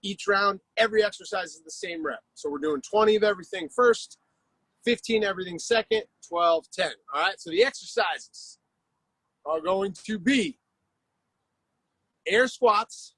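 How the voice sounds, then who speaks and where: A man's voice: high-pitched, very animated, moderate pace, creaky, fairly bright tone, husky, dry recording, rough recording. A man coaching a live-streamed workout class, calling out exercises, cues and countdowns with lots of energy. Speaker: fitness coach.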